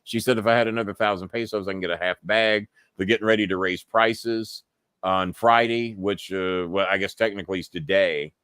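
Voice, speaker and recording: A man's voice: on the low side, fairly even intonation, fairly quick, a bit bright, smooth, dry recording. A man hosting a casual live stream, cursing freely and laughing as he reads messages aloud. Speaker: host.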